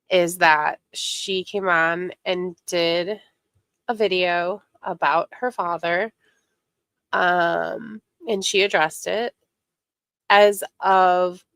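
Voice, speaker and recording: A congested woman hosts a relaxed livestream, stuffed up from a head cold. Her voice sits fairly low and she talks at an unhurried pace, rambling with fillers. The sound is dry and close, with little room around it. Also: no room sound. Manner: chatty, greets viewers by name, rambling with fillers. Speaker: livestream host. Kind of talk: casual livestream chat.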